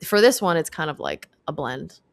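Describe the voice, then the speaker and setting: Young woman cohosting a podcast, deep voice w some fry, rambles and restarts a lot. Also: huge pitch swings, normal speed. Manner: thinks aloud, lots of "like" and restarts. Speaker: podcast co-host. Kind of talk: casual chat.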